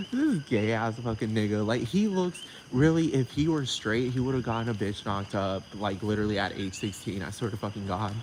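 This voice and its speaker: A man's voice: fairly low pitch, moderate pace, hardly any pauses, darkish tone. A man ranting to camera in a sassy, heavily profane way and laughing often, outdoors at night. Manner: sassy, heavy swearing, frequent laughter. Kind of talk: casual profane rant to camera. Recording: noisy background with crickets.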